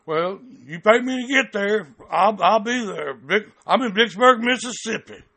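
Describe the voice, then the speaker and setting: A man argues over a phone line, blunt and heated, tripping over repeated words. His voice sits high with a gravelly edge and a bright, tense tone. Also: expressive, measured pace. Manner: angry, blunt, stammering repeats, cusses. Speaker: caller, activist recording his calls. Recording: phone call recording.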